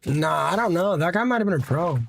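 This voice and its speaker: A man's voice: high voice, expressive, a little fast, gravelly. A young man streams a game live, talking in a slightly raised register. He chats loosely with viewers and swears freely, over a faint hiss with clicks behind him. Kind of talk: live gameplay commentary.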